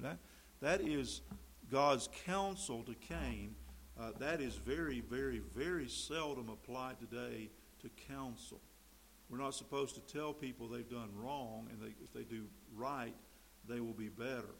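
A man preaching a sermon, emphatic, swinging between loud stresses and quiet mimicked asides. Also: medium pitch, unhurried, gravelly, a little hiss or hum, poor audio. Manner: emphatic, rising and dropping to mimic quoted voices.

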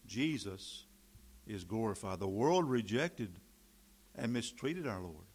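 A man preaching a sermon, reading scripture and switching between emphatic, loud passages and quiet, folksy asides. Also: on the low side, big pitch swings, takes it slowly, husky.

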